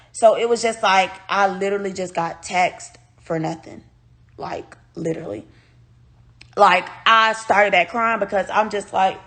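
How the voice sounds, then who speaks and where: A vlogger with a medium-pitched voice tells her viewers a personal story. She is animated and blunt, swearing freely, and sounds upset and close to tears.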